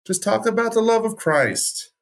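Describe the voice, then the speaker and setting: A man's voice: high voice, lively intonation, normal speed, creaky. A man co-hosting a podcast, speaking passionately in a ranting, heartfelt way with frequent restarts. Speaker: podcast co-host. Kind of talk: podcast conversation.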